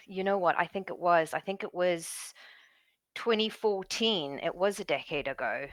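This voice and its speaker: A woman's voice: lowish voice, moderate pace, no room sound. A woman from South Africa with a South African accent touched by an American twang, chatting playfully as a podcast guest. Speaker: podcast guest, actor and coach. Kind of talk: casual interview chat.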